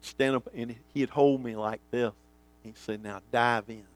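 A male pastor preaching a sermon, swinging from booming lines to hushed ones and acting out the voices he quotes. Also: steady tone, a little slow.

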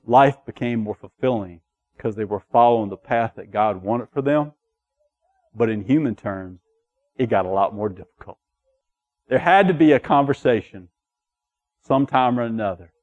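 Preacher swinging between hushed and booming. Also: male voice, lo-fi sound. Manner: preaching with big swings between soft asides and loud declarations; acts out quoted voices in his preaching. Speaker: pastor. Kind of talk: sermon.

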